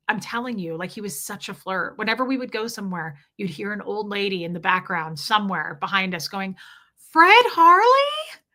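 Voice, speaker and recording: Female livestream host, chatty storyteller, crisp bright tone, stops to read viewer comments. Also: medium pitch. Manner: chatty, reads viewer comments aloud between stories. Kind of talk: casual storytelling to a live chat.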